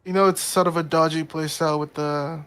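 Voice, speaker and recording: A man's voice: on the high side, fairly even intonation, brisk, fairly bright tone, clean tone. A man chatting casually about a game in a laid-back, agreeable way. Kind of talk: casual chat.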